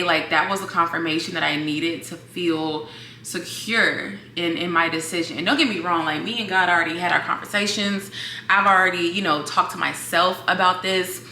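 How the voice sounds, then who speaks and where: A woman's voice: on the low side, sharp tone, roomy sound, slight background noise. A young woman from Virginia telling a personal story to her viewers in a chatty, emotional way, calling them girl and y'all. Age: young adult. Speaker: vlogger. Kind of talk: casual storytelling to camera.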